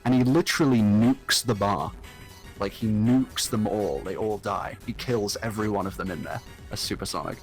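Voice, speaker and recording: A man's voice: lowish voice, moderate pace. A man chatting casually as a livestream guest with a sore throat, rambling with lots of fillers and swearing. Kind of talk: casual chat. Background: faint game music.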